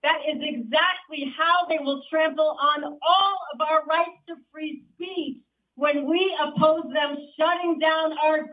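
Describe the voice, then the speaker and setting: A woman's voice: sits high, narrow, tinny audio. A woman gives an earnest protest speech and introduces speakers at an outdoor rally. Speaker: rally emcee.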